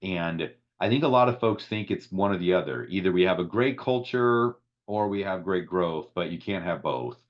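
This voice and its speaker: A man's voice: deep voice, animated, normal speed, hardly any pauses, dull audio. A man hosting a podcast interview, talking in a reflective, conversational way with plenty of filler words. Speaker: podcast host.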